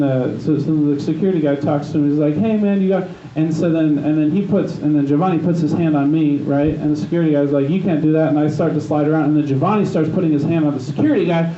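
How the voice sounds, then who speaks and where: A man's voice: fairly high pitch, warm tone, slight background noise. A man doing stand-up at an open mic, telling a rambling, profane story full of restarts and lost threads. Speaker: stand-up comedian. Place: open mic night in a gym bar. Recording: echoey, distant, dull live room recording.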